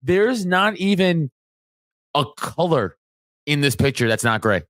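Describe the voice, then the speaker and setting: A man's voice: a little high, very animated, measured pace, fairly bright tone, dry recording, studio quality. Crude, laughing podcast co-host man. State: sleepy. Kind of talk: casual chat.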